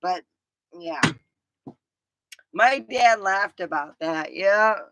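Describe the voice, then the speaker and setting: Bright-voiced, giggly middle-aged woman. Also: mid-range voice, lively intonation, very slow, gravelly, dry recording. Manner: rambling, giggly, breaks into laughter. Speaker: vlogger. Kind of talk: casual storytelling.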